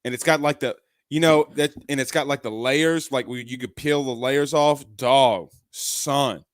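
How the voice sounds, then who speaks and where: A man's voice: medium pitch, steady tone, a little slow, dry recording, clean studio sound. A man hosting a live sports talk show, chatting loosely with lots of fillers and restarts.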